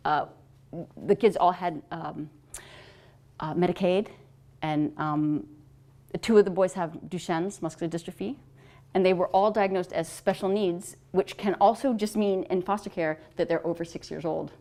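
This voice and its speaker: A middle-aged woman, an author and adoptive mother, telling stories in a lively, casual way and laughing often. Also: on the low side. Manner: animated storyteller, laughs often. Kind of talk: casual talk answering questions.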